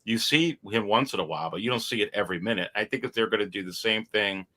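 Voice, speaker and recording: A man with a fairly low but bright, forceful voice talks on a livestream. He gets animated, repeats his words and laughs easily. He is heard over a video call. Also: fast. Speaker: guest toy collector. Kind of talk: casual chat on a livestream.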